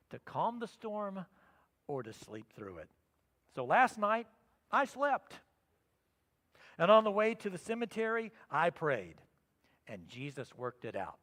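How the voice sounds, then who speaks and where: Man preaching a sermon, middle-aged pastor, bright forceful voice, long church reverb. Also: high-pitched. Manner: animated storytelling, acts out his own thoughts, swings from loud to soft. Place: church sanctuary.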